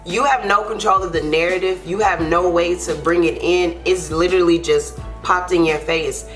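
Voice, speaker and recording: A young woman with a slightly low voice tells a heartfelt storytime, earnest and unpolished, dotting her talk with casual fillers. Soft music plays faintly underneath. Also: steady tone, moderate pace. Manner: earnest, heartfelt, loose with fillers like "like" and "you know". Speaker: YouTube co-host. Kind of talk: emotional storytime.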